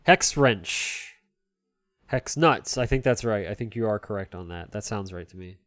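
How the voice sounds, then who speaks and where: A man's voice: fairly low pitch, animated, unhurried, a bit bright, no echo. A man streaming live as he cleans a game console, rambling in a jokey way and answering chat.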